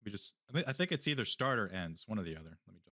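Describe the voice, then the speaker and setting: A man's voice: lowish voice, very animated, racing, sharp tone, no echo, studio quality. A man playing a tabletop game, helpfully checking the rules in casual chat. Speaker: player.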